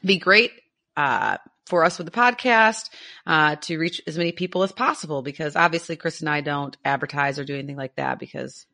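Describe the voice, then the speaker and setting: Woman co-hosting an animal podcast, excitable and giggly, low pitch but bright tone. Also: a little fast, vocal fry. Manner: enthusiastic, laughs easily, explains with some fillers. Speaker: podcast co-host. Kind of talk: casual chat.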